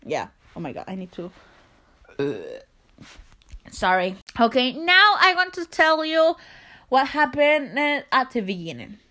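A young woman hosts her podcast in English, which is not her first language, and her accent comes through on every word. Her voice sits a touch high, and she talks in a chatty, self-conscious way, laughing at herself and swearing casually as she reads from her phone. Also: big pitch swings, a little slow, long pauses, sharp tone. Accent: non-native English. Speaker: podcast host.

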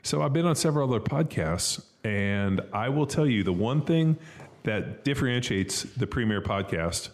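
A man's voice: medium pitch, animated, moderate pace. A man hosting a podcast, telling long rambling stories full of fillers in casual banter. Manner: rambling, filler-heavy storytelling. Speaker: podcast host.

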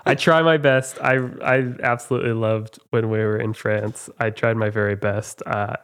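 A man's voice: lowish voice, fairly even intonation, normal speed, fairly bright tone, smooth. A man hosting a casual trivia quiz, reading out questions and joking about himself, with many fillers. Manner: reads questions, chatty and self-mocking, many fillers. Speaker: quiz host.

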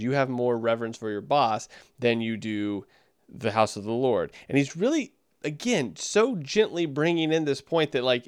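Male sermon reviewer, smooth resonant voice, dry close sound, chatty commentary. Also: no echo. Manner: conversational, with swinging pitch and bursts of speed. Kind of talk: casual commentary.

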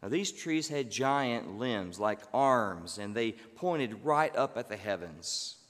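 A male preacher tells a story in a slow, gentle manner with thoughtful pauses. His voice sits at a middling pitch. A long hall reverb trails behind his words. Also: expressive. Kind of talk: sermon storytelling.

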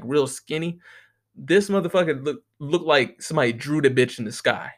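A young man talking casually to the camera in a rambling, profane monologue, often laughing. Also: mid-range voice. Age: young adult. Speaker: vlogger.

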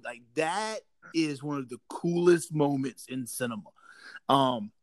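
A man's voice: a little high, moderate pace, no echo. A man, co-hosting a podcast in casual chat, rambling with many restarts. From South Carolina Lowcountry. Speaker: podcast co-host.

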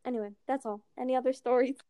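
A woman's voice: sits high, rapid-fire, no room sound, clean studio sound. A young woman telling stories in casual chat, acting out the people she quotes and swearing freely. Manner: animated, acts out quotes, swears.

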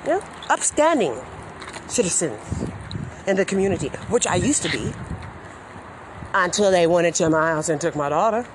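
A woman's voice: on the low side, animated, normal speed, long pauses, noisy background. A woman in her forties ranting furiously and bitterly, full of profanity. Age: 40s. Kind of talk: angry rant vlog.

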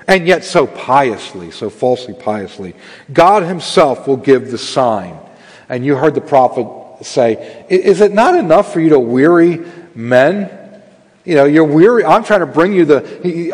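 A man's voice: fairly high pitch, darkish tone, in a large hall. A man preaching a sermon as pastor, earnest and building to emphatic stress.

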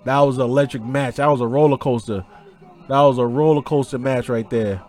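A man's voice: medium pitch, fairly quick. A man hosting a podcast, re-calling a wrestling match with a choked-up, tearful tone. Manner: excited play-by-play shouting, then emotional and hushed. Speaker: podcast host.

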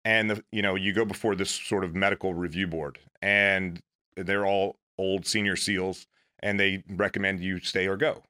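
A man's voice: deep voice, flat delivery, moderate pace, pushed and bright. A man, a former Navy SEAL, telling his own story in casual, earnest, self-deprecating talk.

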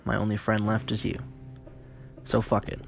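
A man's voice: lowish voice, monotone, moderate pace, creaky, faint music behind. A man narrating a horror story in a weary, profane first-person voice.

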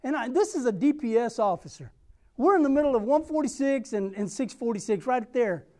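A young man preaching a sermon, telling a personal story and acting out the dialogue with lively energy. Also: extremely high pitch, brisk. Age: young adult. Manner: repeats a rallying question.

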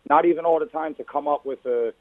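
A man's voice: on the high side, fast talker, no echo, phone-quality sound. A man who is a guest on a casual sports podcast gives blunt opinions and folksy sayings, often calling the host brother.

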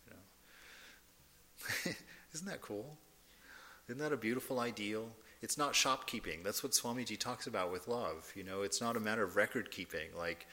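Bright-voiced man giving a casual spiritual talk. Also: fairly low pitch, moderate pace, pauses often. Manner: conversational, laughs often, acts out quoted voices. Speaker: spiritual teacher.

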